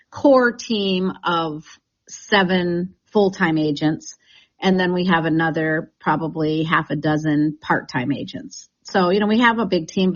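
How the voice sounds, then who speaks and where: A woman's voice: fairly low pitch, muffled recording. A woman who leads a real estate team, talking in a chatty, enthusiastic way with many restarts in a radio interview.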